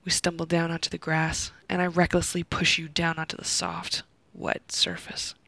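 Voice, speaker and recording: A woman narrating a first-person erotic story in an intimate voice that slips into soft whispers, with heavy vocal fry. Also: lowish voice, monotone, fairly quick, dry recording, poor audio.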